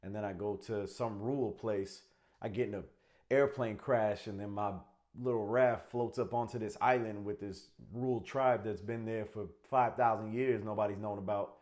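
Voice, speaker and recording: Man, Connecticut accent, low voice, joking comedy co-host who swears freely. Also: steady tone, normal speed, darkish tone. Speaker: podcast co-host. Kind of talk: casual chat.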